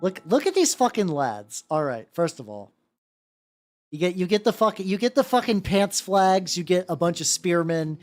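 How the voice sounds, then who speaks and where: A woman chatting casually on a live stream while painting miniatures, excitable and swearing freely, often repeating her words. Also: on the low side, moderate pace, faint music behind.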